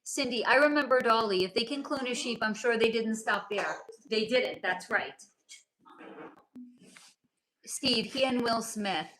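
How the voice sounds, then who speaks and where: Bright, outspoken woman streaming in an echoey room. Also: on the high side, measured pace, long pauses. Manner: outspoken, blunt, swears freely. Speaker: livestream host. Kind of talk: casual livestream chat answering viewer comments.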